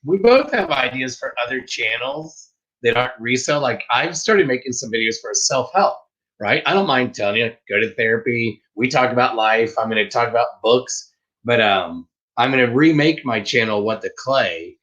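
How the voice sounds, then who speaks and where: Playful, animated male co-host with a lively, swinging voice, heard through muffled stream audio. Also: mid-range voice, moderate pace. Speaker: co-host of a reselling live show. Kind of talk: casual live-stream chat.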